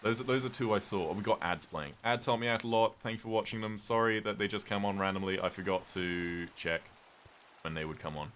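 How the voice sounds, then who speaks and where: British man, very low voice, streamer, rambling casual chat, soft rain noise behind. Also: a little fast. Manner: rambling, chatty, reads viewer messages aloud.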